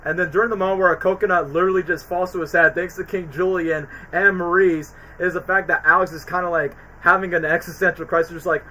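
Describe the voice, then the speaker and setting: A man with a high, bright voice talks on a casual livestream. He rambles eagerly in loose, slangy sentences, piling one thought onto the next. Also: fast, hardly any pauses, slight background noise, poor audio. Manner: rambling, excited, slangy retelling. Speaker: streamer reviewing movies.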